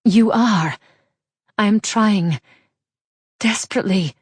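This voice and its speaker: A woman's voice: medium pitch, slow pace, a little mellow, husky, no room sound, voice pushed up. Breathless young lady, anxious and pleading, read by a woman narrator. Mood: earnest. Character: young noblewoman, anxious and tired.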